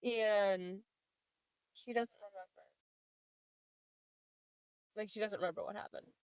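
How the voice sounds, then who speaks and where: Woman podcaster gushing about a book, lively retelling, dry close sound. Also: medium pitch, slow, clear, resonant tone, no room sound, low-quality recording. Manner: animated, retells scenes with quoted lines and laughs. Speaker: podcast co-host. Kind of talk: casual book discussion.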